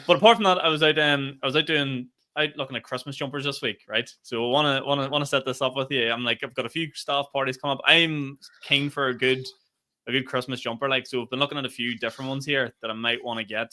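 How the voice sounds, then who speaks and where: Fast-talking, bright-voiced man. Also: mid-range voice. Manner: animated storyteller, laughs mid-sentence, swears freely. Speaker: podcast co-host, stand-up comedian. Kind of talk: casual podcast chat.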